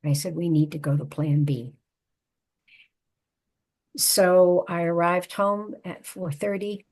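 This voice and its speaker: An older woman, a psychotherapist and author, telling a personal family story in a measured, reflective way. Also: on the low side, steady tone, a little mellow.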